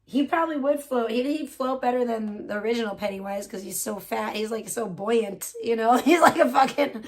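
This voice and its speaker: Woman, high voice, livestreamer, profane casual rant, laughing, mocking. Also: moderate pace.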